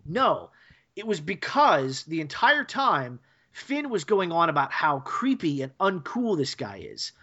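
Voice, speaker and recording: A man co-hosting a podcast, explaining his points at length with quick asides. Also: on the high side, very animated, pushed and bright. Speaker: podcast co-host. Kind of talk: casual podcast chat. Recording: dull podcast audio.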